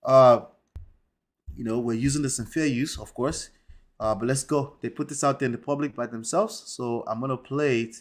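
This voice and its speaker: A man's voice: mid-range voice, fairly even intonation, normal speed. A man hosting a commentary show, talking emphatically and tagging points with rhetorical questions. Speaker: host.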